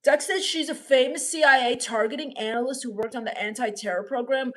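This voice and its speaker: A young woman streaming in character, deadpan and sulky, sarcastically complaining while reading chat comments aloud. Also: high-pitched, a little fast. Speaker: comedic livestreamer reading chat. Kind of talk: in-character comedy livestream.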